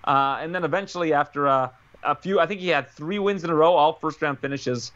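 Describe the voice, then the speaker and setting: Fast-talking bright-voiced man. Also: on the high side, highs cut off. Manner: quick, animated storytelling. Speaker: guest analyst. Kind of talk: casual podcast chat.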